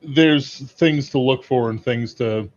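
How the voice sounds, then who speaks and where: Halting man on a dull, lo-fi mic. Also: mid-range voice. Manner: halting, searching for words, many restarts. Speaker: podcast co-host. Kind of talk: casual livestream discussion.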